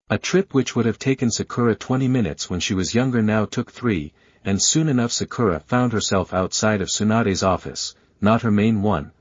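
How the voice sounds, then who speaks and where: A man reading a fan fiction story aloud as narrator, in a steady, even storytelling manner. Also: lowish voice, no room sound. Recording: dull lo-fi sound.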